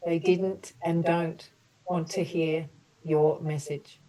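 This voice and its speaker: A woman leading an online group healing session, slowly offering soothing apologies and then explaining in a loose, chatty way. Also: low voice, flat delivery, warm tone, far from the mic, rough recording. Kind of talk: guided emotional healing session.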